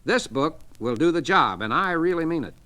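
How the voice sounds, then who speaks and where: A man's voice: a little high, expressive, moderate pace, pushed and bright. A man voicing a kindly businessman earnestly telling a colleague about his own experience. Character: kindly, calm middle-aged businessman.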